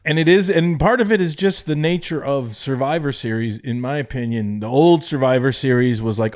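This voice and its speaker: A man's voice: medium pitch, normal speed, hardly any pauses, darkish tone, no room sound, studio quality. A middle-aged man, a former head writer, telling a backstage story in casual podcast chat, swearing freely and acting out quotes.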